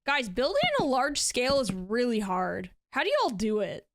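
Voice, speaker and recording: A woman's voice: on the high side, animated, moderate pace. A woman streaming and chatting casually while she builds in a game, laughing often.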